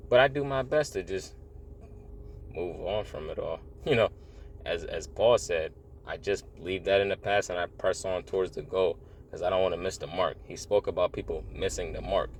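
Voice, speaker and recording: Deep-voiced man in an earnest rambling talk. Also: normal speed, slight background noise. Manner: earnest, rambling, repeats phrases, says "bro" often. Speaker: religious vlogger. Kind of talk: casual spiritual monologue.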